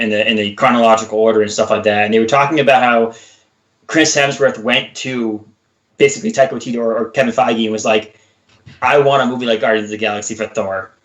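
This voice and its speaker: A man co-hosting a casual podcast chat, talking fast and acting out movie lines in a high, excited voice. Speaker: podcast co-host. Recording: roomy echo.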